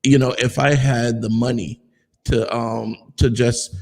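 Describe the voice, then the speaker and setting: A man hosting a talk show chats casually, rambling and hesitating with plenty of fillers. His voice has a gravelly, creaky edge, and the room gives it a long, hanging reverb. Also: medium pitch, flat delivery, a little slow, a little mellow. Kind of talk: casual interview chat.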